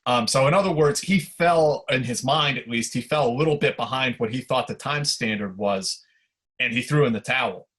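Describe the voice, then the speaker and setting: Male podcast guest, mid-pitched, loose conversational storyteller. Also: normal speed. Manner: relaxed anecdotal telling with fillers. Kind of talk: casual storytelling.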